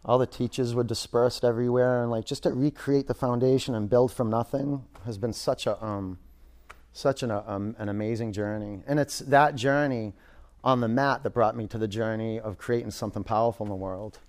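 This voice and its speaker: A man teaching a yoga class in a studio, giving relaxed cues and talking loosely with fillers. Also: mid-range voice, moderate pace.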